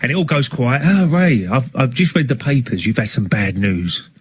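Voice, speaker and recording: A man's voice: mid-range voice, expressive, moderate pace, slight background noise. A middle-aged man, casually telling anecdotes and laughing between stories. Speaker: former footballer telling stories.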